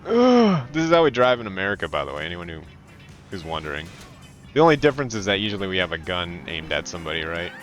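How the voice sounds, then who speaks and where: A man's voice: deep voice, fast talker. Guy from california streaming a game, swears a lot, voice bounces all over, faint music behind. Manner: animated, profane, slips into loud mocking voices. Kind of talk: casual gaming commentary.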